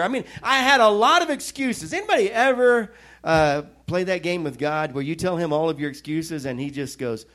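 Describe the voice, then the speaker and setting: A man with a high voice preaches to his congregation. He tells his own story with animated, self-mocking asides. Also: moderate pace. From Missouri. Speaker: pastor. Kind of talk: sermon with personal testimony.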